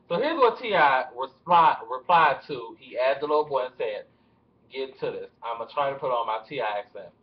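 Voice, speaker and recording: A man's voice: medium pitch, animated, fairly quick. A young man rambling through celebrity gossip in a casual vlog, with nervous laughter, recorded with dull lo-fi webcam sound in a room at home. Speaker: vlogger.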